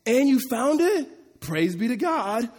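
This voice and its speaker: A man's voice: extremely high pitch, very animated, slow, a little mellow, voice pushed up, full character voice. A man voicing a doting, falsely pious mother, in a sing-song, gushing manner, recorded in a reverberant hall.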